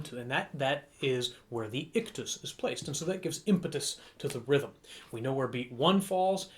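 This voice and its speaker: An American man, a young adult music director, teaching a lesson that explains and counts rhythms aloud as he demonstrates conducting. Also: medium pitch.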